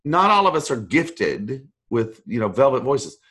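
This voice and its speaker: A middle-aged man, a voice actor, chatting as an interview guest and telling animated, self-deprecating stories with mimicked voices. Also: medium pitch, a little slow, slightly rough. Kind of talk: casual interview chat.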